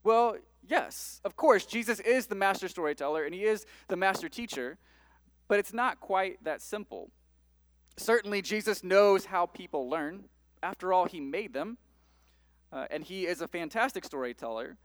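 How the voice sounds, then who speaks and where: High-voiced man preaching a sermon. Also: lively intonation, normal speed, no room sound. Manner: reads scripture aloud, then explains it conversationally. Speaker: pastor.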